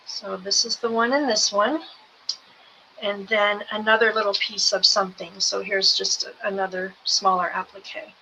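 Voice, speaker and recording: A woman hosting a live selling show, going through each craft kit item by item in an unhurried way. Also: mid-range voice, pushed and bright, low-quality recording. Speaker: host selling craft kits. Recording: background noise with clicks.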